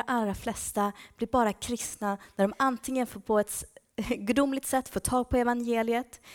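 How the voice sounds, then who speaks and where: A woman's voice: fairly high pitch, darkish tone. Woman speaking at a church service. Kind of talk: church talk.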